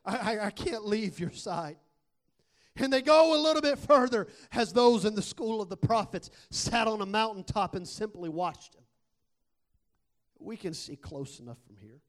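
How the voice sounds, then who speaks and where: A man with a high-pitched voice preaching at a rally. He tells his story conversationally, then rises into loud, shouted exhortation. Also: lively intonation, moderate pace. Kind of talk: sermon.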